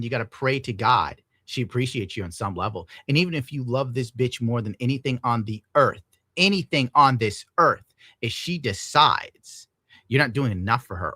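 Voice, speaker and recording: A man's voice: medium pitch, pushed and bright, husky, no room sound. A young man ranting bitterly and profanely as he reacts to a clip on his live stream.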